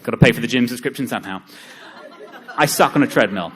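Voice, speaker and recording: A young man speaking at a live seminar, joking and self-deprecating, with lively asides to the audience. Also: mid-range voice, quick pace, some chatter behind.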